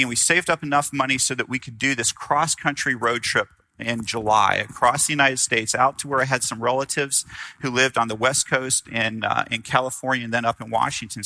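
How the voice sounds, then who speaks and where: A man preaching a sermon in an animated, conversational way, acting out quotes and asking the listeners questions. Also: mid-range voice, dry recording, rough recording. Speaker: pastor.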